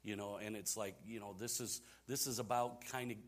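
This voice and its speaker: A man's voice: fairly low pitch, steady tone, fairly quick. A male pastor preaching a sermon in a casual, repetitive way that builds to emphatic peaks.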